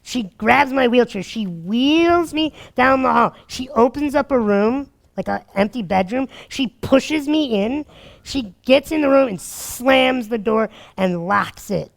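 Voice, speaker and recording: A man giving dating advice through energetic, animated stories, acting out what people said and laughing often. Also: very high-pitched, measured pace, gravelly. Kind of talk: animated storytelling talk.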